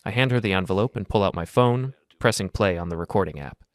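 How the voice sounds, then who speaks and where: A man narrating a first-person story in a calm, measured, coolly detached way. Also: low-pitched.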